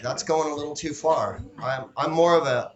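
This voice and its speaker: A man's voice: fairly high pitch, moderate pace, dull audio. A man doing a stand-up comedy set, bantering sardonically and profanely with a live audience. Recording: roomy live club recording, loud crowd noise.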